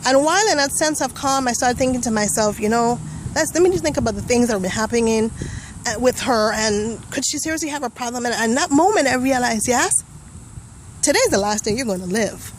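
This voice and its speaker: A woman's voice: fairly high pitch, lively intonation, brisk, a little hiss or hum, poor audio. A young woman giving a personal testimonial, telling her story vividly and acting out the voices and thoughts she remembers. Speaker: testimonial speaker.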